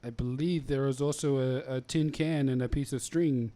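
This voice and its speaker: A man running a live-streamed tabletop game as game master, relaxed, laughing often and pausing with fillers. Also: mid-range voice.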